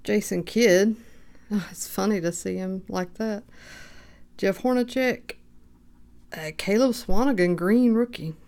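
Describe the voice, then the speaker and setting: A woman hosting a card break, calmly reading out player names and getting excited at good pulls. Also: mid-range voice. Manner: unhurried, reads names aloud, bursts of excitement. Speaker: card shop host opening packs. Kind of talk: casual card-breaking commentary.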